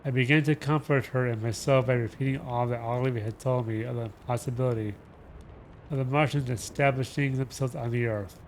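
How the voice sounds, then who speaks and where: A man reading a novel aloud on a livestream, dramatic and slow with shifting emphasis. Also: medium pitch, fairly even intonation, slight background noise. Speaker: reader.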